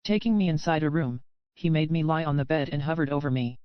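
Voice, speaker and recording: A woman narrating a first-person romance audiobook in a steady storytelling manner, heard as dry, slightly dull audio. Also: low voice, fast talker, no echo.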